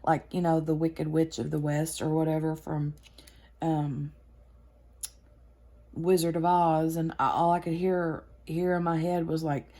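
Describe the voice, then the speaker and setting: A woman's voice: deep voice, flat delivery, a little slow, mellow. A woman hosting a craft chat video, telling a rambling story full of fillers and restarts while she works. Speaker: craft channel host.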